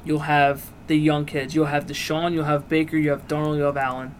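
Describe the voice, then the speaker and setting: A man's voice: on the high side, flat delivery, a little fast, slight background noise. A man co-hosting a podcast in casual banter, chatty and profane. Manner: chatty, profane, laughs easily. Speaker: podcast co-host.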